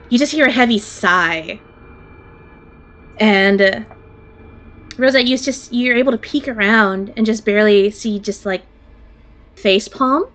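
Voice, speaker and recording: A woman game master narrating a tabletop game at an unhurried, deliberate pace, casually dropping swear words as she sets each scene. Her voice sits at an ordinary middle pitch. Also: a bit bright, poor audio.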